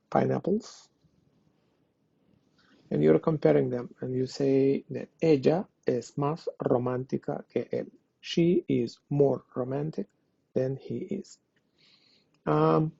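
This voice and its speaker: A man's voice: mid-range voice, creaky, mellow, husky, dry recording. A man teaching a language lesson online, explaining step by step and translating each example. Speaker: Spanish teacher. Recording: dull lo-fi dry recording.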